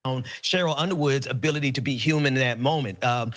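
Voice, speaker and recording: A man's voice: mid-range voice, fast, fairly bright tone. A man speaking earnestly and emphatically as a panelist in a played talk show clip.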